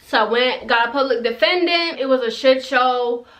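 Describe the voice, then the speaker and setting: Young woman spilling a story, kinda high, bright voice, rambly and laughy. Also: moderate pace. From immigrant to the US. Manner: chatty, rambling, laughs through the telling. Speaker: storytime vlogger. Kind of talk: casual storytelling.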